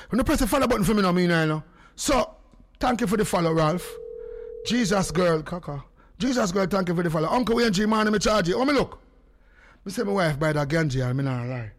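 Jamaican guy hosting a live stream, high voice, hyped and rushing, keeps going hello hello. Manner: excitable, rapid, calls hello over and over. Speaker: radio host on a live stream. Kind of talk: casual live-stream chat.

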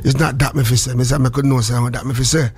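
A man speaking patois in casual chat, rambling and animated with a sing-song lilt. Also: medium pitch, fast, breathy edge.

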